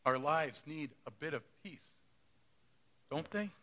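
A man's voice: fairly high pitch, expressive, takes it slowly, sharp tone. A middle-aged male pastor preaching a sermon in a conversational way, often asking the congregation questions.

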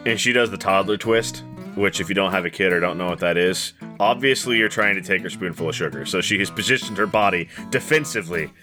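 A man's voice: sits low, quick pace, over music. A man narrating a tabletop game as game master, with loose, profane storytelling.

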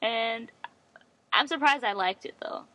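A woman's voice: on the high side, unhurried, pushed and bright. A woman co-hosting a podcast in casual chat, speaking candidly and swearing freely. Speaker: podcast co-host.

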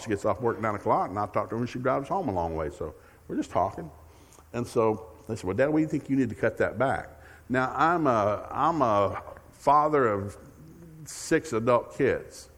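An older man preaches as a guest speaker, spinning a folksy, joking story and playing both sides of each conversation. His voice sits on the low side. The sound carries the long reverb of a church sanctuary. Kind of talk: storytelling sermon.

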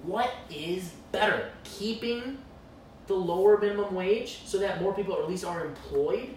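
Animated man in an echoey room. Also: high voice, moderate pace. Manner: animated, jokey, breaks into loud put-on voices. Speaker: podcast co-host. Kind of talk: casual chat. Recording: echoey room, far from mic, faint noise.

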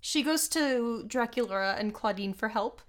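A woman's voice: fairly high pitch, animated, a little slow. A young woman chatting casually, playfully adding to a friend's story. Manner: playful, chiming in. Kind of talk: casual chat.

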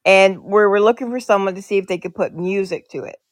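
An older woman from Canada chats easily, breaking into laughter at her own stories. Her voice sits at an ordinary middle pitch. It is recorded close and dry, with no room sound. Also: fast talker, dry recording. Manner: laughs at herself while telling stories. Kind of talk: casual podcast chat.

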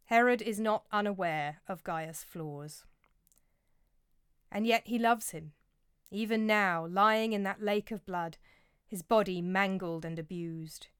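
A woman's voice: mid-range voice, slow, clean tone, no room sound, studio quality. A woman narrating a scripted historical story in a dramatic, vivid way.

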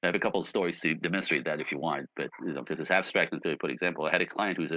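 A low-pitched man talks through relationship advice as a guest, his tone sharp and forceful. He tells animated stories, sprinkling in "you know" and "right?". The sound is dry and close. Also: rapid-fire, hardly any pauses, no room sound, low-quality recording. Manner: animated storyteller. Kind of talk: conversational advice.

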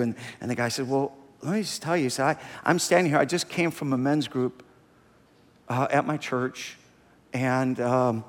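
Animated pastor preaching in a reverberant hall. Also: male voice, mid-range voice, normal speed. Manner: animated storytelling, retelling another man's words. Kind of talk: sermon. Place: church sanctuary.

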